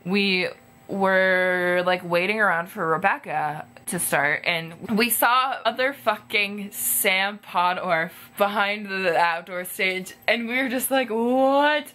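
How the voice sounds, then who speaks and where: A woman in her twenties telling a storytime vlog in casual chat, full of "like" fillers. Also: slow. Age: 20s. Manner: chatty, heavy use of "like", quotes people in higher animated voices. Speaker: vlogger.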